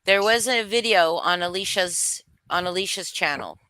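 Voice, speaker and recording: A woman's voice: lowish voice, normal speed, sharp tone, no echo. A woman hosting a livestream, giving blunt, heated commentary full of swearing while greeting viewers in chat. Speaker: livestream host.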